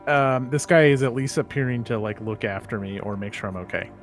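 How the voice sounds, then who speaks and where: A man's voice: medium pitch, fairly quick, soft background music. A man playing a tabletop role-playing game, describing what his character does in a hesitant way full of "like". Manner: hesitant, peppered with "like". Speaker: player.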